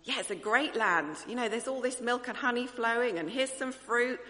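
Anxious biblical scouts tell of bounty, but dread hangs over their words, played by a woman preacher. The voice is sharp and forceful, set in a reverberant hall. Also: a little high, normal speed, pitched above the performer's own voice. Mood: exaggerated. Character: group of gloomy male scouts.

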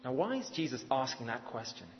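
A man's voice: mid-range voice, very animated, fairly quick, a little hiss or hum. A man preaching a sermon, telling the story with animation and acting out the voices he quotes. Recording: dull lo-fi sound in a reverberant hall.

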